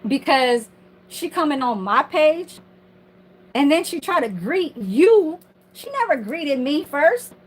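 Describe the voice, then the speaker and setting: A woman's voice: high-pitched, sing-song, slow pace, poor audio. A woman ranting on her livestream from home in a casual, heated, profane and rambling way.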